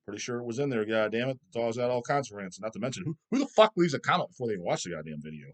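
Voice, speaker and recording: A man's voice: mid-range voice, sing-song, rapid-fire. Foul-mouthed ranting man. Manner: swears constantly, ranting and mocking. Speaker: channel host. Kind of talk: profane rant vlog.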